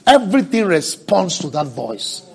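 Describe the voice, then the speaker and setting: A man preaching a sermon, asking the congregation for responses and swinging from hushed, drawn-out words to loud cries. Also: high voice, sing-song, creaky, slightly rough. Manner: preaching with call-and-response, swelling to shouts.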